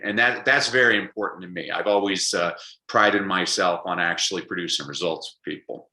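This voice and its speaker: A man speaking as an interview guest, an animated storyteller who acts out quotes. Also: low voice, a little fast, reverberant, poor audio. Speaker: guest, public speaker and coach. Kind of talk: conversational interview.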